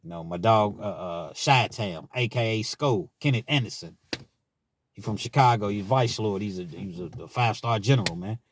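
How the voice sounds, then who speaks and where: A man's voice: lowish voice, normal speed, slight background noise. A man from Kentucky telling stories from his time in prison, in a laid-back, frank way and often tagging his sentences with "man.". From Richmond, Kentucky, US. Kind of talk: casual storytelling monologue.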